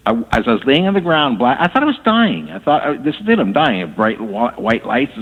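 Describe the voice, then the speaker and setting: A man telling his story as a guest on a radio interview, halting and repeating words as he talks. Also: medium pitch, big pitch swings, slightly rough. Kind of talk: casual storytelling. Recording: tinny phone line with long reverb.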